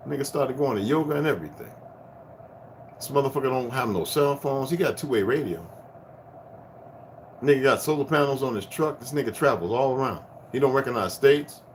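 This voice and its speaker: A man in his fifties giving a rambling spiritual rant to his viewers, profane and preachy, swinging from loud bursts down to hushed tones. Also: mid-range voice, slight background noise. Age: 50s. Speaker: vlogger.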